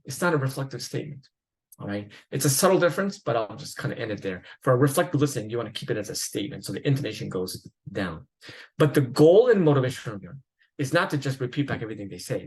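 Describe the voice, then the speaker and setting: A man's voice: mid-range voice, breathy edge, poor audio. A man lecturing at a psychiatry conference in a conversational way, with fillers, restarts and the odd laugh.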